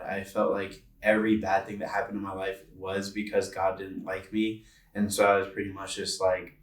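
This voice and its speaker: A man's voice: on the low side, distant mic. A man in his twenties telling a personal story on a podcast, earnest and rambling with lots of filler words. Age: 20s. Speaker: podcast co-host. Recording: roomy sound from away from the mic.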